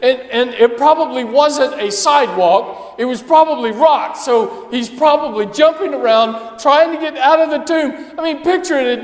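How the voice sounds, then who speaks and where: A male pastor preaching a sermon with passion, dropping to a hush and then rising to loud emphasis. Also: extremely high pitch, moderate pace, hardly any pauses. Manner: impassioned preaching, swinging between hushed and loud. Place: church sanctuary. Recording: echoey church hall.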